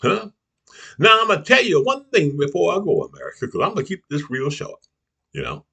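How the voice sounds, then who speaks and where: A husky man with a slightly high voice delivers a fiery political rant straight to camera. His pitch swoops all over the place as he preaches, calls names and keeps punctuating his points with a challenging "huh?". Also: wildly swooping pitch, brisk, pushed and bright. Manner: preachy, keeps tossing in "huh?" and "you see what I'm saying"; angry, name-calling. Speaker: YouTube political commentator.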